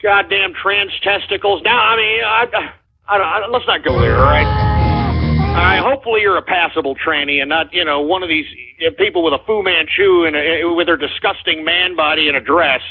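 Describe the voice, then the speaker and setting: Brash Texan radio host, phone-like sound. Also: male voice, sits high, normal speed, faint music behind. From Texas. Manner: brash, combative, shouts back at callers. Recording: muffled, phone-like radio stream.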